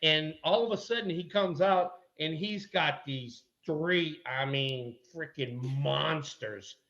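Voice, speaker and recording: Middle-aged male guest, lively raconteur, curses casually, muffled recording. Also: on the high side, slow. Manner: animated, salty anecdote-telling with mild swearing. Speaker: guest, former ballplayer. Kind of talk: casual chat, storytelling.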